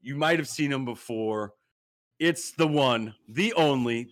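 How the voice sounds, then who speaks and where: A man's voice: mid-range voice, a little slow. A man hosting a gaming podcast, talking hype and slangy and often repeating himself. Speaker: podcast host. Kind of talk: energetic gaming podcast intro.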